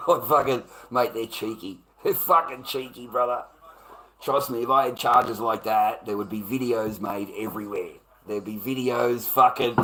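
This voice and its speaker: A man's voice: medium pitch, moderate pace, pushed and bright, rough recording. An Australian man ranting casually to a live chat, rambling and repeating himself with heavy swearing. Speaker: livestreamer.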